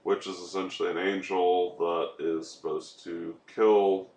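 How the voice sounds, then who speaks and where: A man with a very low voice explains film details hesitantly, filling his pauses with ums. He sounds like he is in a roomy space, with faint background noise. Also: flat delivery, a little mellow. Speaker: podcast co-host. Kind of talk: casual chat.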